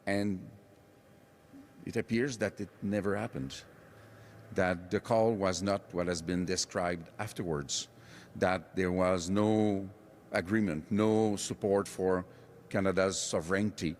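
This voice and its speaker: Male politician, very deep voice, slow and deliberate, scornful tone. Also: steady tone, darkish tone, a little hiss or hum. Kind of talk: speech to the press. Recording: reverberant room.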